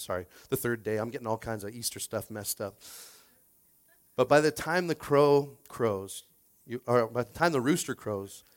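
A man pastor preaching a casual, conversational sermon, repeating his words and coaxing the congregation to respond. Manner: acts out quoted voices with shifts in pitch and loudness.

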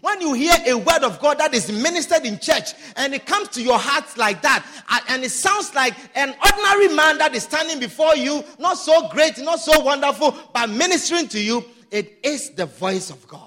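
High-voiced, animated preaching man. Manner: preaching with sudden shouts and drawn-out emphatic lines. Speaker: pastor. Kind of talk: sermon.

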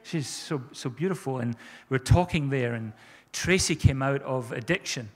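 A man's voice: medium pitch, normal speed, big-room sound. A man preaching a sermon as pastor, fervent and repeating his phrases for emphasis.

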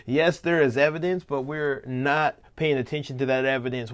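A man's voice: medium pitch, moderate pace. Man preaching verse by verse. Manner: reads scripture verse by verse, then explains in animated paraphrase. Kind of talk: sermon.

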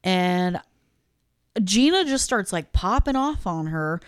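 A woman's voice: mid-range voice, slow pace, clean tone, dry recording, clean studio sound. A woman co-hosting a podcast, recapping a film in casual chat and acting out the characters' lines as she tells it. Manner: animated storytelling, acting out quoted lines. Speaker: podcast co-host.

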